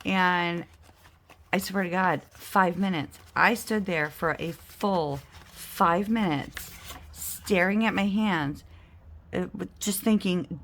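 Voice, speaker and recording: Chatty self-mocking woman telling a story. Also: lowish voice. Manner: chatty, self-mocking, animated storyteller who acts out the other people's lines. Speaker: budget and game-night vlogger. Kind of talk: casual storytelling while playing a game.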